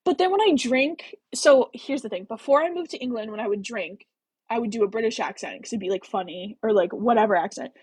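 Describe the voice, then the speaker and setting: Young American woman hosting a casual book livestream, breathy voice, rambling chat, dry close sound. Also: fairly high pitch, lively intonation, a little fast, darkish tone, no echo, poor audio. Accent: general American. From American Midwest. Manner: rambling, heavy on fillers, swears casually. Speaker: book club livestream host.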